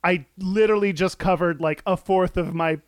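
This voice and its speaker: A man's voice: high-pitched, fairly even intonation, moderate pace, clean tone. A man co-hosting a casual podcast chat, rambling and hedging in a playful way. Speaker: podcast co-host.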